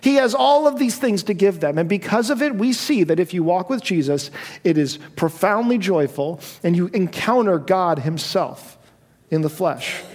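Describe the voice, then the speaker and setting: Impassioned male pastor, high voice. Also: a little mellow. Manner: impassioned, rising to emphatic peaks. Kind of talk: sermon. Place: church sanctuary with congregation. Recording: long church hall reverb.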